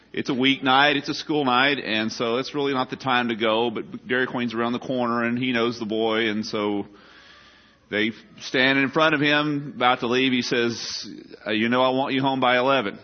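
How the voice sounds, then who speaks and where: A man preaching a sermon, telling a story in a wry, conversational way. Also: fairly low pitch. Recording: dull, muffled recording.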